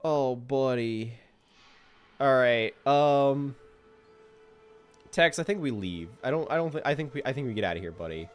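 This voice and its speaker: A man streaming live gameplay commentary, excitable and self-mocking, exasperated at his own character. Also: mid-range voice, normal speed.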